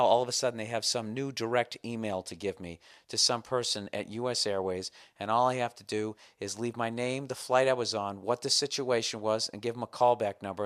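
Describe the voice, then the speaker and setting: Profane ranting male podcast host. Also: medium pitch. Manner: ranting, profane, mock-formal when reading his own letter. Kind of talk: casual comedic monologue.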